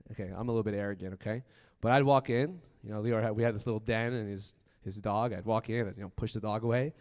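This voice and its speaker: A man giving a profane, punchy motivational keynote talk, swinging from loud bursts to quiet asides. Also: lowish voice. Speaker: conference speaker. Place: large conference hall. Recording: long hall reverb.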